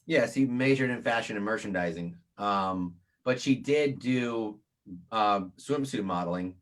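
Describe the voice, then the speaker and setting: A man's voice: lowish voice, unhurried. A man co-hosting a live morning stream, joking and teasing with mock indignation. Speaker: co-host of a live morning show. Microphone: live video stream.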